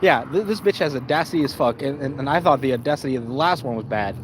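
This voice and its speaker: A young man live-streaming, retelling videos in a profane, animated, slangy way, full of stammered restarts. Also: medium pitch, quick pace, a little hiss or hum. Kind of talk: casual live-stream storytelling.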